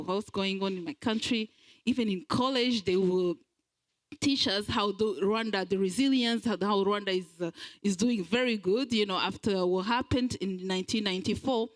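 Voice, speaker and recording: A woman from Belgium giving a speech at a community event, earnest and halting, with frequent pauses as she searches for words. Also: mid-range voice, low-quality recording. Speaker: guest speaker.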